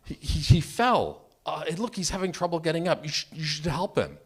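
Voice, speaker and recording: A man's voice: on the high side, sing-song, a little fast, husky, pitched above the performer's own voice, full character voice. A man voicing his anxious, kind wife in a raised, pleading tone while telling a story on stage. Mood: concerned. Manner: fretful, pleading.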